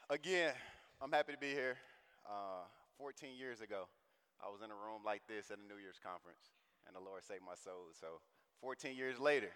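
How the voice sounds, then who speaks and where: A man's voice: fairly low pitch, smooth. A man from St. Louis with a St. Louis accent, speaking animatedly to a conference audience and calling them y'all. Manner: animated, drawls and stretches sounds, addresses the crowd as y'all. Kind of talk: lively talk to a large audience. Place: large conference hall. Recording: long hall reverb, faint noise.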